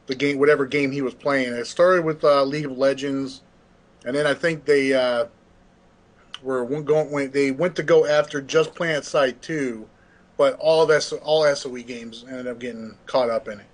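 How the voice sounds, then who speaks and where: A man's voice: medium pitch, steady tone, normal speed. A middle-aged man co-hosting a gaming podcast, telling stories in a rambling, laid-back way with lots of fillers. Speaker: podcast co-host. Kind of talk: casual gaming podcast chat.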